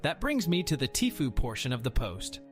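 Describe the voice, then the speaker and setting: A man's voice: medium pitch, huge pitch swings, normal speed, faint music behind. A man narrating a Reddit post aloud in a wry, sardonic manner.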